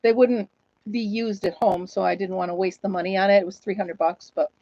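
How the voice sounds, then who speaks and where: A woman's voice: medium pitch, fairly even intonation, a little fast, mellow, no echo, dull audio. A woman hosting a casual live chat from home, laughing often and talking to viewers and her dog. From United States. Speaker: host of a live chat stream.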